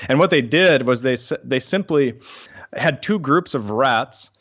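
A man speaks as a podcast guest, a scientist who clearly loves explaining research. His voice sits in a middle range. The audio is a little dull and lo-fi. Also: mid-range voice, a bit bright. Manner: enthusiastic, explains studies in detail. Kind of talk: casual podcast interview.

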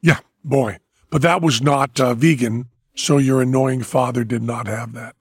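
Teasing older man with a husky voice. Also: mid-range voice, fairly even intonation, a little slow, no room sound, clean studio sound. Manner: rambling, teasing. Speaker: podcast host. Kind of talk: casual chat.

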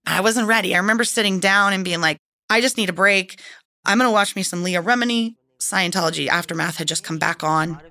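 A middle-aged woman recounting her own experience as an interview guest, animated and acting out the voices of others. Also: mid-range voice, fairly quick, no room sound. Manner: animated, acts out quoted voices. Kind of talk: emotional personal storytelling.

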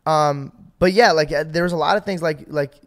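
Excitable rambling young man, higher voice. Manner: rambling, excitable, filler-heavy, quick to laugh. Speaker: podcast co-host. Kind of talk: casual chat.

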